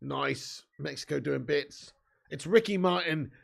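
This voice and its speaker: A young man hosting a live football watch-along, joking and swearing, breaking into shouts when chances come. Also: on the high side, unhurried, vocal fry. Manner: banter-filled, swearing, jokey, bursts into shouts at chances.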